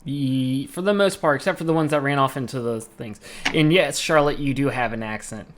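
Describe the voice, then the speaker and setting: A man with a Southern American accent, game master of an online tabletop game, relaxed and muttering to himself as he moves tokens. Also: medium pitch, fairly quick, a little hiss or hum.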